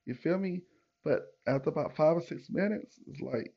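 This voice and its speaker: Gravelly man telling a loose story. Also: a little high, moderate pace, highs cut off. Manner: loose, conversational, many fillers and asides to listeners. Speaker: podcast host. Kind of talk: casual storytelling monologue.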